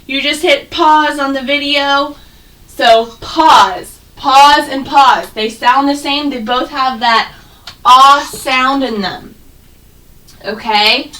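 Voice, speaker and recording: A woman teaching first grade on a video call, sounding out words slowly and clearly for young children. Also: high-pitched, pushed and bright, recorded from a distance, rough recording. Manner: slow, exaggerated sounding out of words. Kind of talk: online phonics lesson. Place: home, on a video call with students.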